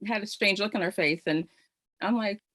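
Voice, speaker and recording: A woman's voice: mid-range voice, normal speed, a bit bright, no echo. A middle-aged woman hosting a virtual panel, telling her own story in an earnest, heartfelt way full of "you know" fillers, over a video call microphone. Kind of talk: personal testimony on a virtual panel.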